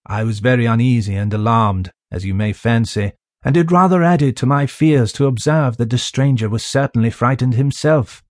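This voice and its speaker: A man narrating a classic novel in a measured, even storytelling manner. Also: medium pitch, no echo. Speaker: audiobook narrator. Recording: dry close studio sound.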